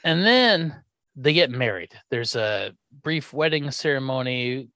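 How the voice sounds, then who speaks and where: A man co-hosting a podcast in casual chat, animated and sarcastic, swearing freely as he recaps a film. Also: medium pitch, measured pace, dry recording. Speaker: podcast co-host.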